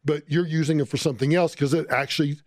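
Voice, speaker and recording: A middle-aged man hosting a call-in radio show, talking in an excitable way and often stammering as he repeats words. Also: a little high, quick pace, dry recording, clean studio sound. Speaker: radio talk show host. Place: radio studio. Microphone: studio microphone.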